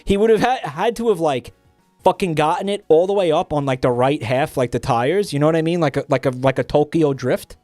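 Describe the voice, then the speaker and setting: A man's voice: a little high, a little fast, a little mellow, no echo, soft background music. A young man streaming, chatting casually while reading posts, profane and rambling with many restarts.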